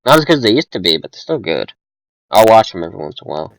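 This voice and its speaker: Rambling young man with lively pitch. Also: rapid-fire, gravelly, dry recording, rough recording. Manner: rambling, lots of fillers and restarts. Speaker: podcast co-host. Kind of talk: casual movie review chat.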